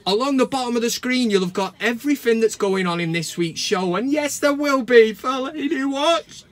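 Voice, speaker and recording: A man hosts a comic football fan vlog, talking into his camera with a fairly high voice. He rants and swears in a mock-sentimental way, swinging from hushed solemnity to loud mockery. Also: expressive, normal speed. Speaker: fan channel host. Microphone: camera mic.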